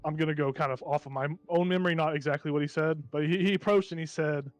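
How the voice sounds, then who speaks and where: A man's voice: fairly high pitch, steady tone, quick pace, hardly any pauses, dry recording, soft background music. Rambling man running a tabletop game. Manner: rambling, many fillers and restarts while describing the scene. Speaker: game master.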